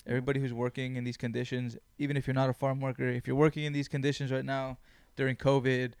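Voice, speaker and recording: Male podcast host, casual chat, smooth resonant voice, dry close sound, blunt and profane. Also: mid-range voice, fast, no room sound. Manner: blunt, swears often, animated storytelling.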